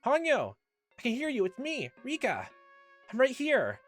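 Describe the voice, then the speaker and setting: A man voicing a frantic young girl in a game playthrough, crying out loudly and pleading for help. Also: wildly swooping pitch, a little slow, soft background music, full character voice. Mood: frantic shouting. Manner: shouting, high and strained.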